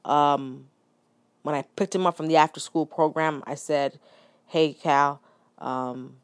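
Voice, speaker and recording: A woman's voice: low voice, steady tone, normal speed, dry recording. A woman in her thirties hosting a personal podcast, telling a story in a candid, reflective way with frequent restarts and asides. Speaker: podcast host.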